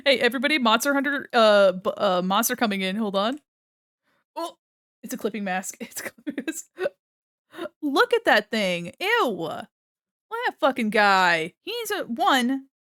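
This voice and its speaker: A woman's voice: on the high side, fairly bright tone, no echo, studio quality. Giggly playful woman streamer. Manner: giggly and playful, laughs often, talks to chat. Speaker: art streamer. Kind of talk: casual commentary while drawing.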